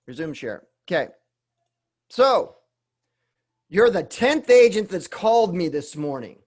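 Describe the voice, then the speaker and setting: Male sales coach with a high voice, chatty teaching style, keeps checking in with the listener and rephrasing mid-thought. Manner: conversational, keeps adding "right?" tag questions; restarts and rephrases mid-sentence. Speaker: real estate sales coach. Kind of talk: teaching webinar talk.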